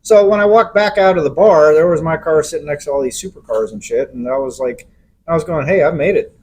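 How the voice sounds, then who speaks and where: A man's voice: a little high, brisk, darkish tone, a little hiss or hum, poor audio. A middle-aged man telling a long anecdote in casual podcast chat, acting out quotes along the way. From Los Angeles area. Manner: rambling anecdotal storyteller, acts out quotes. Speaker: podcast co-host.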